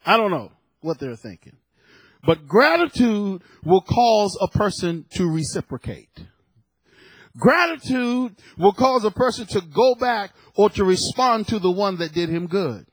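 Man in his fifties, preacher, high voice, dry close sound, emphatic sermon with repeated words. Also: sing-song, unhurried, slightly rough, dry recording. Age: 50s.

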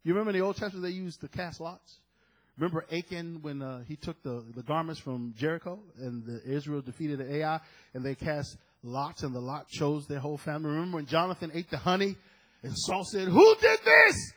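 A middle-aged man preaching a sermon, telling a story with animated quoted dialogue. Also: a little high, brisk, low-quality recording.

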